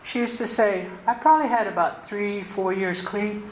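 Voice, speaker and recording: A woman shares her recovery story at a meeting. She speaks in a candid, animated, conversational way. Her voice rings through a roomy hall over a faint background hiss. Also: medium pitch, moderate pace. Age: 60s.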